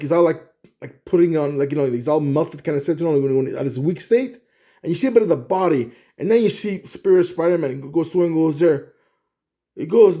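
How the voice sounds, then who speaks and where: A man casually pitching a movie plot, rambling with restarts and frequent "okay?" check-ins. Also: mellow. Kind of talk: casual storytelling monologue.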